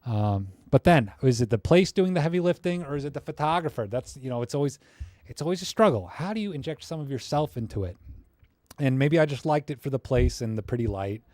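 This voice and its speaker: A man's voice: medium pitch, lively intonation, fairly quick, darkish tone, no echo, studio quality. A young man chatting casually on a live stream, critiquing viewers' photos with joking asides and rants.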